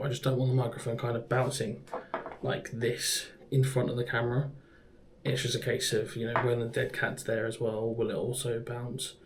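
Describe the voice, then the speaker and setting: A man's voice: medium pitch, a little hiss or hum. A young man, chatting casually to camera in a home vlog, joking and laughing as he goes. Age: young adult. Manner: chatty, jokey, laughs often. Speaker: vlogger.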